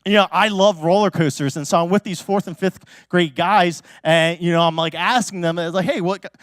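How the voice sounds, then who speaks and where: A male pastor preaching a sermon through a personal story, chatty and full of fillers, with sudden excited exclamations. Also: high voice, normal speed, clear, resonant tone, no echo, clean studio sound. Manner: casual and chatty, many fillers like "like" and "you know"; animated, bursts into loud excited exclamations.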